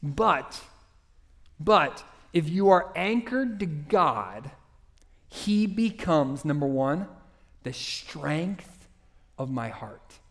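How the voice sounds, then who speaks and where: A man in his forties preaching a sermon in a church, earnest and direct, rising sharply for emphasis and dropping low and quiet. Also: expressive, extremely slow. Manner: earnest preaching with sudden rises in pitch and drops to a quiet voice. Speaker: pastor.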